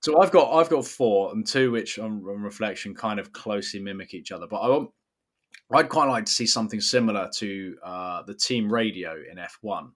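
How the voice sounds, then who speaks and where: Low-voiced man, wry podcast co-host. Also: normal speed, a bit bright. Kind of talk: casual chat. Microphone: remote call mic.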